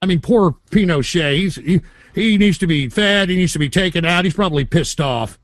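A fairly high male voice with a lot of swing in its pitch, recorded close and dry. It makes an irate, whiny prank call, sighing and swearing between exasperated complaints. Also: expressive, brisk, no room sound. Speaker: prank caller (soundboard clips).

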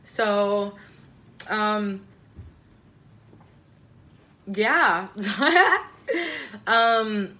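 A young woman with a bright, forward voice at a middle pitch tells a story to camera in a loose, rambling way. She swears freely and fills gaps with likes and ums. When she quotes herself, her voice jumps shrill and loud. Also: animated, extremely slow, pauses often. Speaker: vlogger telling a personal story. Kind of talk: casual storytime monologue.

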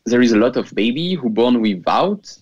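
A man's voice: medium pitch, animated, normal speed, slightly rough, highs cut off. A man with a French accent, a fertility center case manager, speaking earnestly in an interview and sometimes searching for words. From France. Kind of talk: interview over a call.

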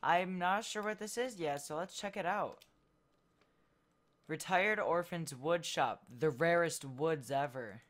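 A gameplay video host giving casual commentary while building, thinking out loud and trailing off mid-sentence. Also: medium pitch, measured pace.

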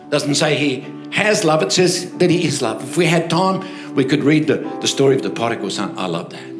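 An older Australian pastor preaches in a lively storytelling way, pausing to ask the congregation for an amen. His voice sits fairly high for a man. It rings through an echoey church hall with music playing behind. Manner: storytelling, animated, asks crowd for amens. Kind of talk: sermon.

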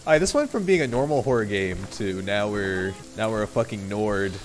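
A man's voice: lowish voice, expressive, fairly quick. A young man streaming a horror game, joking around and yelping at the scares. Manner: jumpy, joking, yelps and shouts. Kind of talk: horror game playthrough commentary.

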